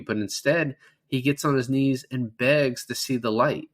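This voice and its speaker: A man's voice: medium pitch, moderate pace. A man co-hosting a film podcast, retelling scenes in a loose, profane, chatty way. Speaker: podcast co-host. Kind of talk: casual film-review chat.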